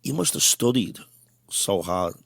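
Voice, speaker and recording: A man in his fifties hosts a radio chat in a thick Liverpool accent, eager and talkative. His voice sits on the low side and is recorded dry and close, with no room around it. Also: expressive, measured pace, creaky, a bit bright, slightly rough, no room sound. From Liverpool, England. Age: 50s. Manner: enthusiastic, chatty. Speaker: radio host. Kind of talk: casual interview chat.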